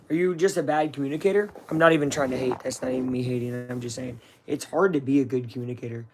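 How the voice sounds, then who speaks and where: A man's voice: medium pitch, fast, few pauses. A young man from the United States chatting loosely while reacting to a broadcast, rambling, joking and calling people "bro". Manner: rambling, jokey, slangy, says "bro" a lot. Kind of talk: casual live-stream commentary.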